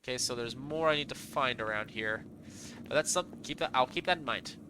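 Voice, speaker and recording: A man thinking aloud in low-key, casual commentary while playing a story game, in a noisy home recording. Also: a little fast. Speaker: let's play gamer.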